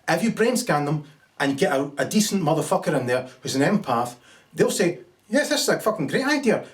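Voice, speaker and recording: A man's voice: high voice, recorded from a distance. A man delivering an angry, profane political rant, full of sarcastic asides and acted-out little scenes. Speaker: political commentator. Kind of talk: ranting monologue.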